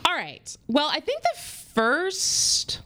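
A woman hosting a radio talk show, chatting in a quick, animated way with her guest. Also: high-pitched. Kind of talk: casual radio interview.

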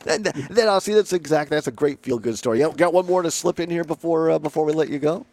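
A male radio host with a slightly high, gravelly voice. He chats in a loose, joking way and laughs easily between lines. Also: quick pace, a little mellow. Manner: laughs often, jokey, repeats himself. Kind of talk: casual radio chat.

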